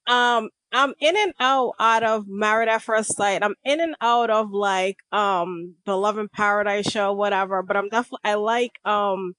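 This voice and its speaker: A woman's voice: mid-range voice, fairly bright tone, no room sound. Chatty woman guest. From Rhode Island, USA. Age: 30s. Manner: chatty, drawn-out fillers. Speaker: podcast guest. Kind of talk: casual podcast chat.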